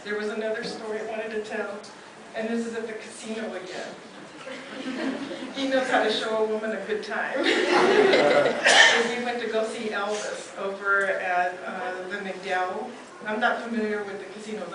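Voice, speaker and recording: A woman's voice: mid-range voice, unhurried. Middle-aged woman telling stories at a eulogy. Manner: lively storyteller who acts out quotes and laughs as she tells. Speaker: daughter giving a eulogy. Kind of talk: funeral eulogy storytelling. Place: memorial service hall. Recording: echoey hall from far off, loud noise.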